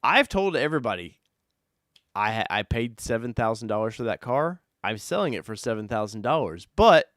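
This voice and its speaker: A man hosting a casual live-stream car chat, talking loosely and excitably, jumping from loud bursts to mutters. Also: mid-range voice, moderate pace, dry recording, clean studio sound. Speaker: host.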